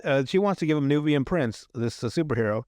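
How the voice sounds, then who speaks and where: Expressive and quick-paced, a male podcast host with a mid-range, slightly mellow voice casually recaps a TV episode. Lots of fillers, restarts, and laughs mark his rambling. The studio-quality recording has no echo.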